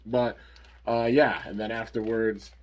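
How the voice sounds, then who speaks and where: A man's voice: on the low side, little pitch movement, unhurried, darkish tone. A man giving a casual, rambling recap of a cartoon episode, full of "like" and "you know". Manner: rambling, filler-heavy, frequent "like" and "you know". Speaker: anime episode reviewer.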